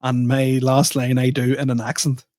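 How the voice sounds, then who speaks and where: A man's voice: mid-range voice, monotone, normal speed, darkish tone, no room sound. A man co-hosting a comedy podcast, telling self-deprecating stories with frequent laughter. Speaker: podcast co-host and stand-up comedian. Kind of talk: casual chat.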